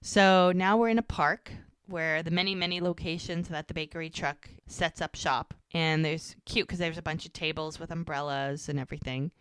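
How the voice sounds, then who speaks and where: A woman's voice: sits low, fairly even intonation, moderate pace, few pauses, a bit bright, smooth, dry recording. A woman co-hosting a podcast, animatedly recapping a TV episode in casual chat, acting out lines as she goes. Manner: chatty, with frequent "like" fillers. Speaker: podcast co-host.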